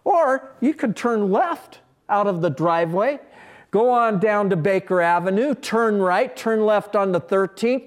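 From a church sanctuary, a male pastor preaches a sermon in a folksy, emphatic style, sprinkling in humorous asides. His voice sits high.

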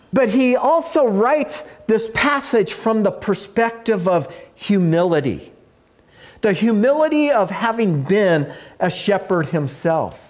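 Man preacher, higher-pitched voice, unhurried measured sermon delivery. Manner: slow, measured preaching with dropping phrase ends. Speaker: pastor.

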